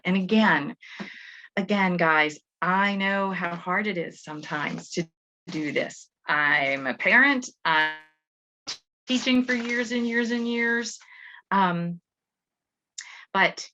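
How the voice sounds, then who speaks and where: A woman's voice: on the low side, sharp tone. Chatty woman educator, lo-fi sound. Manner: chatty, with frequent restarts and fillers. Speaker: Montessori school educator. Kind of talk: parenting talk to parents. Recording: dull lo-fi audio.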